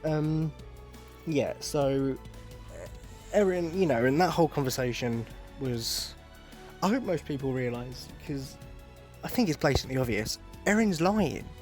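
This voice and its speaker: Young male podcast host, mid-pitched, rambling and chatty, with faint background music. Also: expressive, a little slow, long pauses, a little mellow. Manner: rambling, self-interrupting, joking asides. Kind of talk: casual solo podcast talk.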